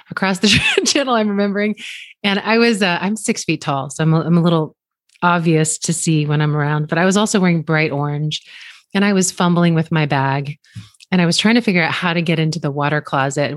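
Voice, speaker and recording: A woman's voice: deep voice, dry recording, studio quality. A woman casually telling stories as a guest speaker, laughing often and acting out what people said. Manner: animated, laughs often, acts out quoted lines. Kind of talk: casual storytelling.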